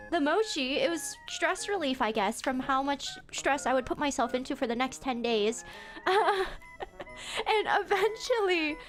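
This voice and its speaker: High-voiced laughing woman streamer. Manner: animated storytelling with frequent laughter; self-repeating, stumbling restarts. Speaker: VTuber streamer. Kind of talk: casual chat stream.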